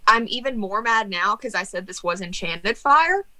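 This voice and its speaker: A young woman narrating as game master of a tabletop game, animated and joking in mock anger with her players. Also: mid-range voice, moderate pace, rough recording. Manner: animated, laughing, mock-angry banter.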